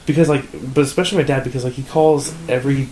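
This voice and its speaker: A man's voice: mid-range voice, fairly even intonation, very fast, warm tone. A young man casually telling a rambling story, full of fillers and swearing. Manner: rambling, filler-heavy, profane. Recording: echoey room, faint background noise.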